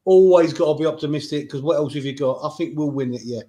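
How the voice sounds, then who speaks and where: A man's voice: on the high side, quick pace, warm tone. A man in a casual podcast chat, teasing the others and swearing.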